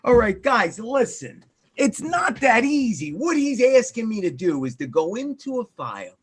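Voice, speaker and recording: A man hosting a casual live chat, loud and playful, often crying out in mock protest. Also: high voice. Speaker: show host.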